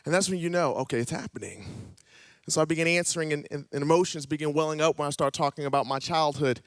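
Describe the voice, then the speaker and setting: A man from Ohio, a youth pastor, telling a personal story in a sermon and acting out the dialogue with lively swings in pitch. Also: very fast, no echo, clean studio sound. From Ohio, USA. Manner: animated, acts out dialogue with big pitch jumps. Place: church auditorium.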